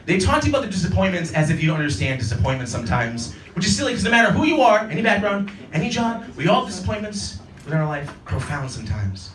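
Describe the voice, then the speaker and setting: A man's voice: high-pitched, big pitch swings, quick pace, hardly any pauses, fairly bright tone, slight background noise. A man in his thirties performing a stand-up set in a comedy club, acting out characters in silly voices. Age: 30s. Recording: roomy club audio from a distance. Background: audience laughter.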